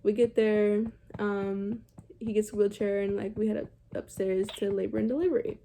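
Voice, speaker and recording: Young woman vlogger, casual storytime, gravelly with a dark mellow tone, holding a baby. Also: medium pitch, steady tone, moderate pace, slight background noise. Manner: chatty, heavy "like" and "um", swears casually.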